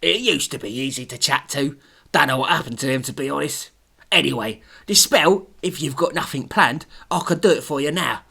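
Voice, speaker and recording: A man's voice: on the high side, moderate pace, gravelly, slightly rough, exaggerated voice. A man voicing a brash, eager-to-help male pub landlord with a London accent, friendly and slangy. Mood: bossy. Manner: chummy, loud, slangy.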